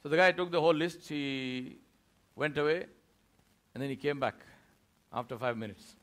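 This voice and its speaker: Speaking at a moderate pace in a slightly high voice, this Indian man delivers a Friday mosque sermon built around a story. He animates it by performing the voices of its characters.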